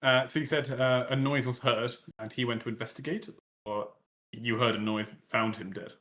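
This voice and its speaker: A man's voice: mid-range voice, fairly even intonation, normal speed, fairly bright tone. A man playing a tabletop game, who talks casually with frequent hesitations. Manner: hesitant, filler-heavy. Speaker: player.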